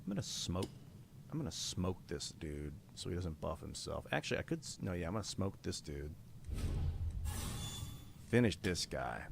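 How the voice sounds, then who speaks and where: A man with a very deep voice talking through a card game on a live stream. He mulls over each move out loud in loose, swearing-friendly chat and gets loud and eager when thanking viewers. Faint noise sits under his voice. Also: moderate pace, creaky, pauses often. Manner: thinks aloud about moves, casual and profane; reads out donor names with rising excitement. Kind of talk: live-stream gameplay commentary.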